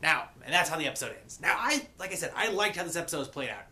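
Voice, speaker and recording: A man's voice: on the high side, big pitch swings, racing, pushed and bright. A man giving a casual recap and review of a cartoon episode, slipping into mock pirate grammar.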